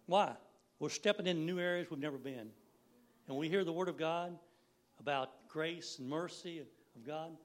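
A man's voice: on the high side, moderate pace. A man in his sixties giving a folksy, rambling church sermon, laughing now and then. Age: 60s. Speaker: lay preacher.

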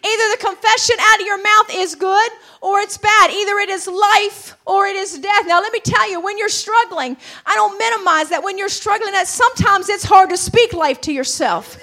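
A woman preacher, delivering a sermon that builds to shouted fervor with calls of hallelujah. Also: very high-pitched, moderate pace, hardly any pauses.

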